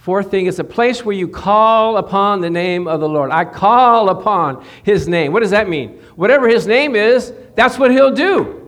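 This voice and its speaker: A man preaching a casual, lively sermon in a high voice, tossing questions to the people in front of him and chuckling as he drives each point home. He speaks in an easy, conversational way rather than a formal pulpit tone. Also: moderate pace, few pauses. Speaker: pastor. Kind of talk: sermon to a small congregation.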